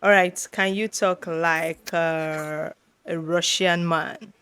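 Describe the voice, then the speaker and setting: A woman's voice: lowish voice, fairly even intonation, slow, a bit bright, smooth. A woman hosting a podcast interview, playful and teasing. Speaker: podcast host. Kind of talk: casual interview chat.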